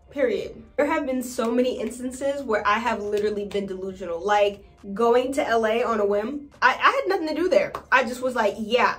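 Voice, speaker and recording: A young woman from New York telling stories in a casual vlog, chatty and animated, acting out quotes in high squeals. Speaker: vlogger.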